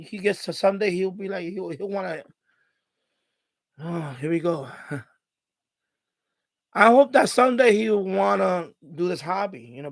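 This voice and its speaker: Middle-aged guy streaming from home, high voice, choked up and rambling, dry close sound. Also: gravelly, dry recording. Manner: emotional, choked up, rambling with restarts. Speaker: live stream host. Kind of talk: casual live stream chat.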